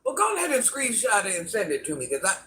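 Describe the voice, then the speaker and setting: A woman's voice: medium pitch, wildly swooping pitch, quick pace, a bit bright. An older woman casually chatting with her viewers while she eats and savors her food on a live stream. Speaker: mukbang streamer. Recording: distant mic with faint background noise.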